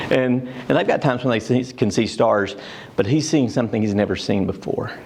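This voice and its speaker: Older male church class facilitator, mid-pitched, halting storyteller with many fillers. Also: a little mellow, a little hiss or hum. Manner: storytelling, with frequent fillers and restarts.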